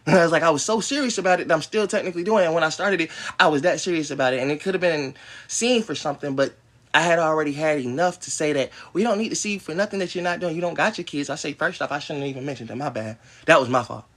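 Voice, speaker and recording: Young male streamer, mid-twenties, fast heated rant, swears a lot, slightly high voice, bitter laughs between points. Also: a bit bright. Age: 20s. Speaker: livestream host. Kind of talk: ranting monologue to live viewers.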